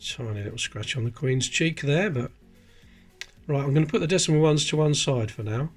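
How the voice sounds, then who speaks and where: A man's voice: fairly high pitch, fairly quick, faint music behind. Chatty man sorting coins. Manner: chatty, explains details while handling coins. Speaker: coin collecting channel host. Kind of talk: casual coin-sorting commentary.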